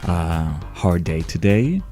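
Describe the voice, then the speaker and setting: A man's voice: sits low, sing-song, slow pace, dark tone, soft background music. A man hosting a podcast, talking earnestly with frequent restarts. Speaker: podcast host. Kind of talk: casual chat.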